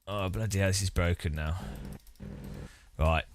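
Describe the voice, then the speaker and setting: A man's voice: low-pitched, steady tone, measured pace, a little hiss or hum. A man streaming a sim race, chatting casually and breaking into long fits of self-mocking laughter. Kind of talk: casual live-stream commentary.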